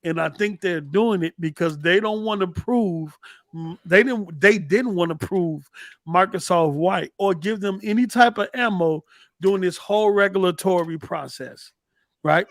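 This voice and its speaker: A man hosting a gaming talk show. His voice sits high and close on a dry mic. He talks in animated bursts and repeats words as he builds each argument. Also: no echo. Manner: animated, rapid, repeats words when excited. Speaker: podcast host. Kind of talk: casual gaming chat.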